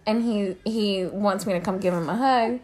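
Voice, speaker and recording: A young woman co-hosting a podcast, telling a story in casual, profane chat and acting out the quotes loudly. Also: medium pitch, normal speed. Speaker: podcast co-host.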